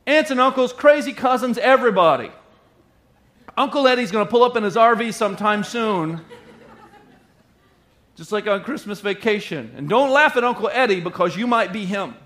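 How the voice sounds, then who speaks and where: A man's voice: sits high, expressive, moderate pace, a bit bright. A middle-aged male pastor preaching a sermon in a playful way, repeating lines for emphasis.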